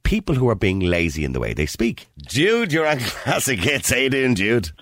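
A man with an Irish accent hosting a radio phone-in show, animated and joking with callers. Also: medium pitch, normal speed, no echo, studio quality. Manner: animated, joking, laughs often.

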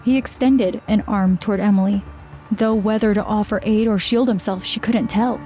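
Woman reading a horror story, steady and measured, faint music underneath. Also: medium pitch. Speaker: narrator.

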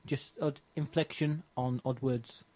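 A young man co-hosting a podcast, telling a funny story in animated fashion and laughing often. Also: medium pitch, a little slow. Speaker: podcast co-host. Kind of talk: casual storytelling chat.

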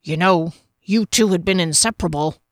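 A woman voicing a gruff, blunt male dwarf who speaks plainly. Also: fairly low pitch, normal speed, dry recording, clean studio sound, close to an everyday voice.

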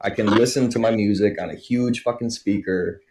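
A man's voice: fairly low pitch, fairly even intonation, normal speed, very noisy. A man who works as a kitchen cook, talking casually and bluntly with plenty of swearing. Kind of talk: casual chat.

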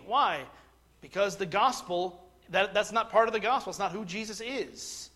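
A middle-aged male pastor with a notably high voice preaches a sermon at normal speed. Earnest, he often stumbles and restarts his phrases before building to forceful, emphatic points.

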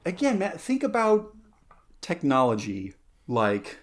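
A man's voice: a little high, huge pitch swings, slow. A man hosting a casual podcast chat, playful and rambling, with lots of fillers, self-corrections and side tangents. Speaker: podcast host.

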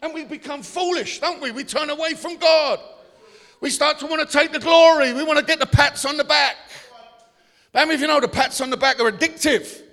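A pastor preaching a sermon, building up to shouts and asking the congregation questions. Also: male voice, extremely high pitch, brisk, creaky. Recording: long hall reverb.

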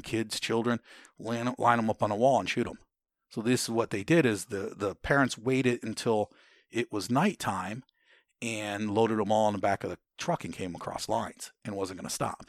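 A man's voice: on the low side, no echo, clean studio sound. A man from the United States, a military veteran, telling war stories in a conversation, blunt, swearing, and rambling through restarts and fillers. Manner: rambling, with many restarts and "you know" fillers.

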